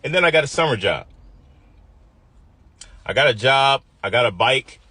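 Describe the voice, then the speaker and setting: A man's voice: mid-range voice, animated, moderate pace, sharp tone, breathy edge, no room sound. A man in his fifties from the US Midwest, telling a personal story vividly and acting out the quoted voices.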